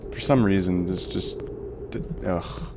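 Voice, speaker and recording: A young man commenting on his gameplay, swearing and ranting in frustration between quieter muttering. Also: deep voice, a little slow, noisy background. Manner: angry, swearing, frustrated outbursts. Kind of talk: let's play commentary.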